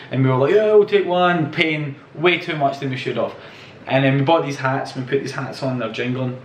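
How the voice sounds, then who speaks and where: A young male travel vlogger tells casual stories from the road, wandering off track, cursing and laughing throughout. The mid-range voice is picked up from afar with roomy echo and a slight hiss or hum.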